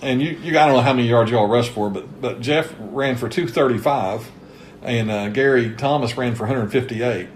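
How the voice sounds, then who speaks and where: A man's voice: mid-range voice, normal speed, slight background noise. A man with a Kentucky accent hosting a casual interview about an old football season, talking easily and reeling off statistics. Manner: chatty, reels off season statistics. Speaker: host interviewing a former coach. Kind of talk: casual sports history interview.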